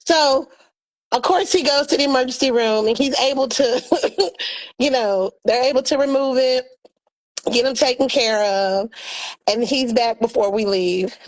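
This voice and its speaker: A woman co-hosting a talk show, telling a family story in a lively, casual way and acting out her relatives' voices. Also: on the high side, poor audio. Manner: animated, acts out family members' voices. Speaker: podcast co-host.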